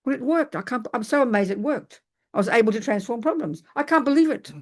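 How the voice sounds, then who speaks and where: A woman's voice: on the high side, fast talker. Older woman telling stories in a dharma talk. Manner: lively storytelling, self-mocking humor, frequent restarts. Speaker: Buddhist teacher. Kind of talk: dharma talk with personal anecdote.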